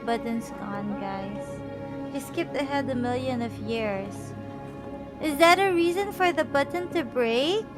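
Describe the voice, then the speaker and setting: A woman streaming a game, chatting playfully in a childlike way and repeating phrases. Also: high voice. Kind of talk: live game commentary.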